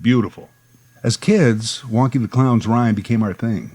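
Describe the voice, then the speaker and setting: A man's voice: mid-range voice, unhurried, darkish tone, slightly rough, rough recording. Wry man telling a childhood story. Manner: wry, conversational, nostalgic asides. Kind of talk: storytelling monologue.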